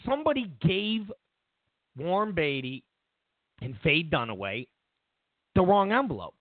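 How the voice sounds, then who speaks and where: A man's voice: fairly high pitch, big pitch swings, unhurried, no echo, narrow, tinny audio. A man hosting a commentary show, talking in a mocking tone and acting out what others said. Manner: mocking, acts out quotes in silly voices. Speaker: host. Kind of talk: political commentary monologue.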